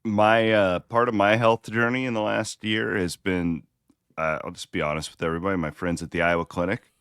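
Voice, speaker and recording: A middle-aged man with a very low voice chats casually as a sports podcast co-host. He talks loosely, often restarting his sentences and poking fun at himself. The sound is dry and close to the mic. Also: flat delivery, brisk, fairly bright tone, smooth, dry recording. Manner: chatty, self-deprecating, frequent restarts.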